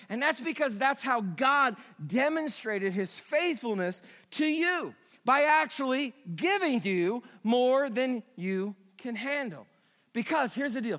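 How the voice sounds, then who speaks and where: High bright-voiced preaching pastor. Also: male voice, in a large hall. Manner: animated, quick preaching with sudden drops to a hush and emphatic rises. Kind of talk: sermon.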